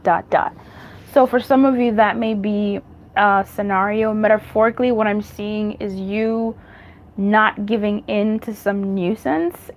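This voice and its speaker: A woman's voice: mid-range voice, a little mellow. A woman giving a casual pick-a-card tarot reading, chatty and rambling, laughing at her own jokes and swearing freely. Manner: rambling, self-correcting.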